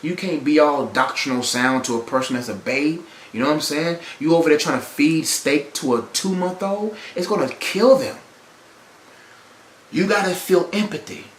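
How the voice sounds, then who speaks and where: A man's voice: a little high, normal speed, reverberant. A man hosting a podcast, giving emphatic, repetitive relationship advice in a preacher-like way. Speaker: podcast host. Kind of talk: preachy motivational relationship talk.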